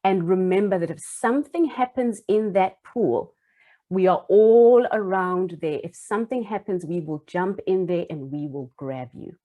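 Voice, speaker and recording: A woman speaking as a calm, reassuring male teacher who encourages a child slowly and steadily. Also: fairly low pitch, lightly acted.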